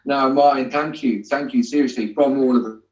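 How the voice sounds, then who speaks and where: Male guest, halting and hesitant, in an echoey room. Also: mid-range voice, fairly even intonation, darkish tone. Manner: halting, many fillers and restarts. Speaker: guest, amateur actor. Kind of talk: casual interview chat. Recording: echoey, distant, dull sound.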